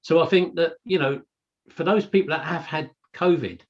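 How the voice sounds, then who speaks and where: A man's voice: fairly high pitch, moderate pace. Chatty man, muffled call audio. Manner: chatty, anecdotal, frequent "you know". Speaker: podcast co-host. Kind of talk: casual chat.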